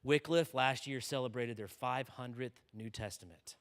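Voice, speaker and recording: This conference speaker talks at normal speed in a mid-range voice. He's giving a sermon to students, telling a story with energy and asking "okay?" often, and the large hall gives a long reverb.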